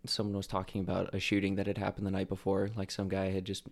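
A young man from Idaho, a podcast guest telling stories in a relaxed way, with lots of fillers. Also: low voice, fast talker, vocal fry. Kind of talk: casual storytelling.

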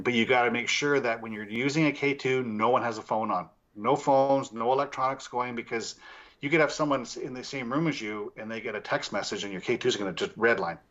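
A man's voice: medium pitch, a bit bright. Male paranormal investigator, guest spot, rambling storyteller, comes through a dull lo-fi call. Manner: rambling, with many restarts and fillers. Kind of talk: casual interview storytelling.

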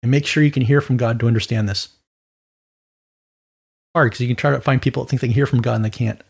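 Gravelly man giving a casual Bible teaching. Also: mid-range voice. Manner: conversational and animated, with quick mock voices and asides. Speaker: preacher.

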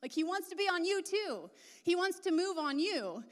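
A woman's voice: very high-pitched, big pitch swings, moderate pace. A woman preaching a sermon in a casual, chatty way, full of asides. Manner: casual and chatty, many asides and filler words. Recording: long reverb of a large hall.

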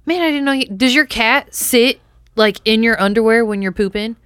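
A woman's voice: a little high, normal speed, a bit bright, clean tone, no room sound. Blunt, chatty woman in a dry studio. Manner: chatty, blunt, swears freely. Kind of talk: casual chat.

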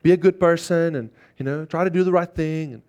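A man preaching who puts on a hesitant, self-justifying churchgoer, voiced higher than his own. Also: fairly even intonation, brisk, darkish tone, lightly acted. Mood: defensive. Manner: hesitant, rambling, defensive.

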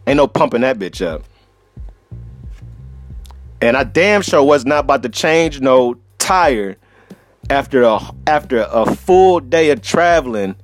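A man's voice: medium pitch, lively intonation, a little slow, long pauses, soft background music. A man hosting a solo podcast, telling a travel story in a profane, laughing, casual way. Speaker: podcast host.

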